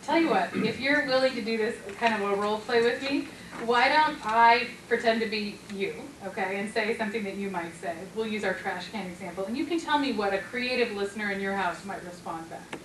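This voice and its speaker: A woman therapist leading a conference workshop, talking gently and coaching her audience, now and then acting out sweet, loving lines. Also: medium pitch, fairly quick. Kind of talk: conference talk with role-play. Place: conference room. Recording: echoey conference room from far off, noisy.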